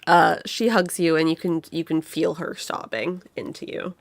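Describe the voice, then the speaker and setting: A woman's voice: low voice, steady tone, moderate pace, no room sound. A woman narrating as game master of a tabletop game in a casual, hesitant way. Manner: casual, hesitant, lots of fillers.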